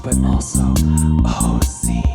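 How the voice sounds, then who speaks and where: A comedian voicing a breathy whisper-singing young female pop star in a whispered role-play, with hushed, drawn-out sung phrases over a guitar. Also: very deep voice, monotone, voice pushed down, heavily acted. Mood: droning. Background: guitar accompaniment.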